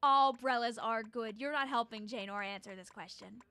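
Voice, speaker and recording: A woman's voice: on the high side, normal speed, pushed and bright, clear, resonant tone. A woman streaming a game, chatting playfully with her viewers and tossing in silly sound effects. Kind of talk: casual live-stream chat while gaming.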